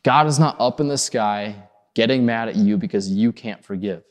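A man preaching a sermon in an earnest, pleading way, rising in urgency and then sinking soft and low. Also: moderate pace, in a large hall. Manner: earnest, pleading, rises high on acted quotes then drops soft. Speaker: pastor.

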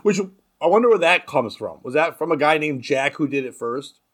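A man's voice: fairly high pitch, expressive, normal speed, a bit bright. A man hosting a casual comedy podcast, telling crude jokes and stories. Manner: crude joking storyteller. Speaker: podcast host.

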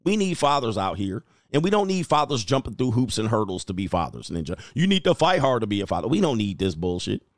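A man hosting a casual livestream, reading viewer comments aloud, animated and laughing, with loose swearing. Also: medium pitch, fast talker, hardly any pauses, no echo, studio quality. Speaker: livestream host reading chat.

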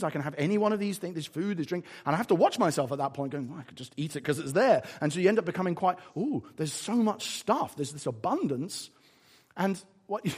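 Animated English preacher, husky voice. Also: male voice, high voice. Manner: animated storytelling with acted-out asides. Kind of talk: sermon.

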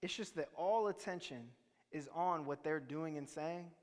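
A man's voice: on the high side, unhurried. A man preaching a sermon, telling stories in a conversational way and quizzing the congregation. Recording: reverberant hall.

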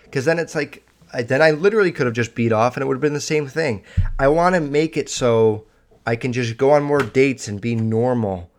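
A man hosting a podcast in casual chat, rambling, candid and profane. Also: medium pitch. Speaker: podcast host.

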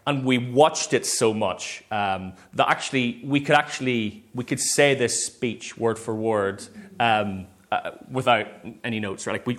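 A man preaching a sermon in a chatty, animated storytelling way, with plenty of fillers and restarts. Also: medium pitch.

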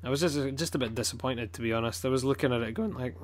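A man's voice: medium pitch, quick pace, a little hiss or hum. A man with a Scottish accent chatting casually as a podcast co-host, blunt, swearing a lot and rambling with plenty of fillers. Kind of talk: casual chat.

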